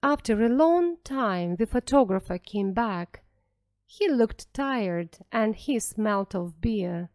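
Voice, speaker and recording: Slow, lively woman reading a story. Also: medium pitch, no echo, clean studio sound. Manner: careful, deliberate, expressive. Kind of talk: slow clear story reading for English learners.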